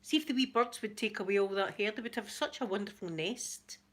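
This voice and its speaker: A woman's voice: medium pitch, animated, fairly quick, a bit bright. Scottish woman, middle-aged, chatty livestream host, laughs a lot. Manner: chatty, reads out viewer comments, laughs often. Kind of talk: casual chat with viewers.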